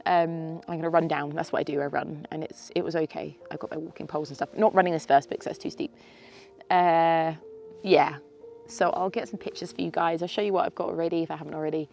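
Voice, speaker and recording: A woman in her thirties talks to camera from a mountain summit, her voice pitched a little low with a gravelly fry. She is teary and sniffly, sighing and laughing between her sentences. Soft music sits faintly beneath her. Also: steady tone, fast talker. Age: 30s. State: teary with a snotty nose. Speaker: vlogger. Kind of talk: emotional casual vlog to camera.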